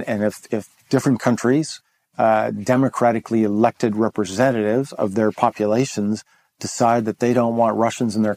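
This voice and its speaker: A man's voice: mid-range voice, a little mellow, no echo. A middle-aged American man answering interview questions thoughtfully, with frequent restarts and fillers. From United States. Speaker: interview guest, former ambassador.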